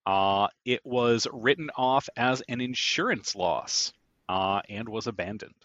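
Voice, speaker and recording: A man narrating as game master of a tabletop game, explaining calmly with many filler sounds. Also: medium pitch, measured pace, dry recording, highs cut off.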